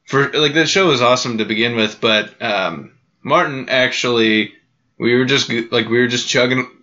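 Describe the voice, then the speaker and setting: A man's voice: mid-range voice, moderate pace, bright, forceful tone, muffled recording. A man hosting a casual podcast chat, laughing often as he tells stories and acts out quotes. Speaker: podcast host.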